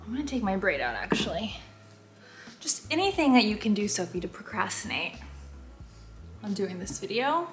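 A woman's voice: mid-range voice, very animated, normal speed, long pauses, faint music behind. Chatty young woman in a roomy room. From United States. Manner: chatty, rambling, self-deprecating asides. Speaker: lifestyle vlogger. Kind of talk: casual vlog chat. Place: home room in Texas. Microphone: camera on a tripod.

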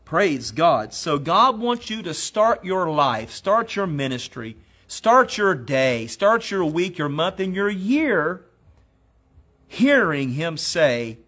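A man preaching a sermon, quoting scripture in slow, emphatic phrases and leading listeners in spoken declarations. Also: fairly high pitch, sing-song, a bit bright, breathy edge. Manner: exhorting, leads the congregation in spoken declarations.

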